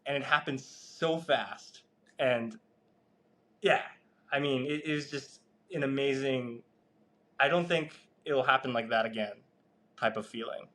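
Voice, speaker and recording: A man telling a story as a podcast guest, animated, swearing and laughing as he goes. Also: mid-range voice, measured pace, pauses often. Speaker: guest researcher. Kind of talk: casual storytelling in a podcast interview.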